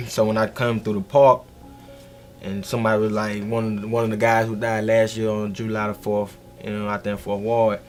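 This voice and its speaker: A man's voice: lowish voice, level tone, moderate pace, faint music behind. A man, recounting events plainly and steadily in a documentary interview. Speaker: interviewee, brother of a shooting victim.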